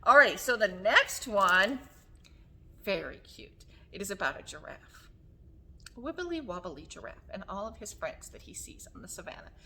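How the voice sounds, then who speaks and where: A woman with a slightly hoarse voice leading a children's story time, singing songs, making animal sounds and reading a picture book aloud in a coaxing sing-song way. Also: mid-range voice, expressive, moderate pace, bright, forceful tone. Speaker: children's librarian. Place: public library story room.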